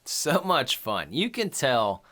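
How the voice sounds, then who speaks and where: Animated, laughing male podcast co-host. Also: mid-range voice, slow pace. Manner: laughs often, acts out movie lines in funny voices. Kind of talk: casual chat.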